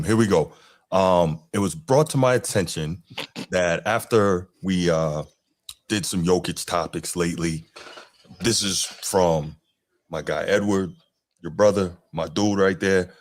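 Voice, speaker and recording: A man co-hosting a sports podcast, talking in a laid-back, sarcastic, mock-serious way. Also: low-pitched. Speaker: podcast co-host. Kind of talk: casual sports podcast banter.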